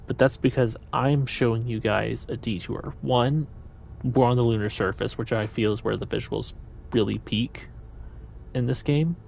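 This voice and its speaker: A man's voice: medium pitch, gravelly, slight background noise. A man chatting his way through a live gameplay stream, meandering and thinking aloud.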